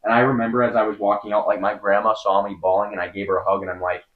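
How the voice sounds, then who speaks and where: A young man from Wisconsin, a podcast guest telling a personal story in an earnest, halting way, full of filler words. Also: fairly low pitch, flat delivery, narrow, tinny audio. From Wisconsin, USA.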